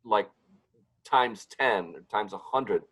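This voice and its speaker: A man's voice: lowish voice, takes it slowly, a bit bright, low-quality recording. A man guesting on a podcast, talking casually and rambling, often trailing off while he searches for names. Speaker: guest, pizzeria owner and pizza competition emcee.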